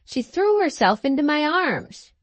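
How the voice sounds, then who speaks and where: Woman reading as an earnest, naive old gentleman, pitched up. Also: very animated, a little slow, no echo.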